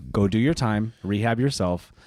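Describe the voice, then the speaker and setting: A man's voice: on the low side, moderate pace, darkish tone, dry recording. A man co-hosting a casual beer podcast, joking and teasing his co-host and laughing often.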